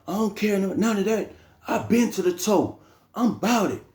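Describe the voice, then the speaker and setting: Brief: a man doing a brash older male inmate, high lively voice, roomy echo. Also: normal speed, natural voice. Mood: indignant boasting. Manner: indignant, boastful, repetitive shouting.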